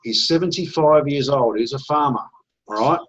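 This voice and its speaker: A man giving an energetic, persuasive sales pitch on a video call, often checking in with "all right?". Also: moderate pace, slight background noise. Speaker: network marketing presenter. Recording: dull lo-fi call audio.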